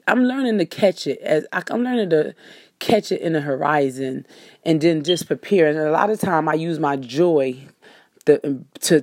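A woman's voice: sits low, darkish tone, no echo, clean studio sound. A woman hosting a casual monologue, talking straight to her listeners in a rambling, folksy way and correcting herself as she goes.

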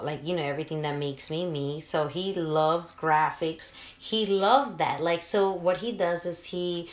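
A woman's voice: fairly low pitch, steady tone, measured pace, hardly any pauses. A woman in her thirties hosting a podcast, talking casually and from the heart, with many filler words. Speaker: podcast host. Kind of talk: casual motivational podcast talk. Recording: roomy echo.

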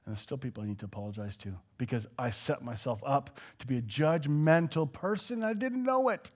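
A man's voice: fairly quick, slightly rough. A man preaching a casual sermon in a church hall, acting out quoted dialogue as he talks. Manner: conversational, acts out quoted dialogue with swings in pitch and volume. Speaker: pastor.

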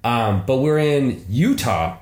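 A man's voice: mid-range voice, lively intonation, slow, a little mellow. A man co-hosting a podcast, telling a story in casual chat, swearing and acting out quotes in a raised voice. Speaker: podcast co-host. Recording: roomy echo.

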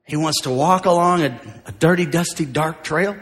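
A man preaching a sermon as pastor, moving from joking asides to shouted declarations. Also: on the high side, moderate pace. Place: large church auditorium. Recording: live in a large hall with music behind.

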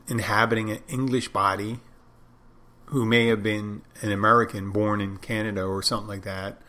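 A man's voice: on the low side, bright, forceful tone. A man talking in a loose, casual monologue, often breaking off and restarting his sentences as he thinks aloud. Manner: rambling, self-interrupting, conversational.

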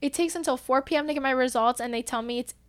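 A young woman telling a personal story in casual chat, animated and growing loud and emotional at the tense parts. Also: high-pitched, fast, smooth.

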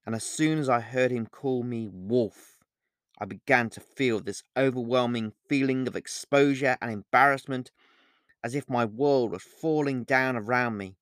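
A man, the author, reading his novel aloud as a steady, earnest first-person audiobook narration. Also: mid-range voice, moderate pace, no echo, clean studio sound.

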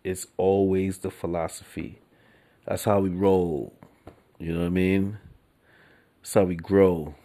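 A man's voice: low-pitched, little pitch movement, unhurried, long pauses, warm tone. A man hosting a solo podcast in casual, profane street slang, laughing between lines. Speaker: podcast host.

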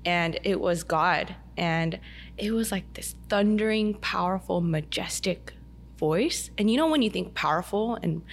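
A woman guest on a podcast, telling a personal story in a chatty, animated way with lots of "like". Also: on the low side, unhurried, gravelly. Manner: chatty, heavy use of "like", animated retelling. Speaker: podcast guest, dance studio owner. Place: indoor podcast table over a meal.

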